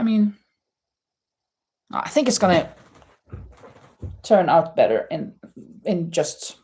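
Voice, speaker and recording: A woman's voice: fairly low pitch, lively intonation, slow, pauses often, mellow. A woman hosting a live crochet and knitting stream, chatting to viewers, singing along to an old song and muttering to herself as she counts rounds. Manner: sings along to an oldies song. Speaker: livestream host. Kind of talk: casual chat while crocheting.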